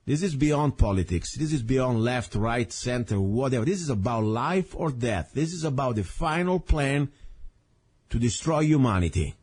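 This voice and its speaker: A man's voice: medium pitch, darkish tone, slightly rough. A man hosting a talk radio show, delivering an impassioned, blunt, ranting monologue into a studio microphone.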